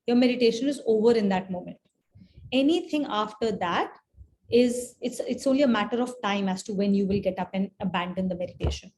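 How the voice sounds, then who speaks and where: A woman teaching a scripture class in a conversational way, often checking in with her listeners and pausing with fillers as she explains. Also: medium pitch, darkish tone, slight background noise. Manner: conversational, keeps asking "right?"; pauses with fillers and restarts while explaining. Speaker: spiritual teacher.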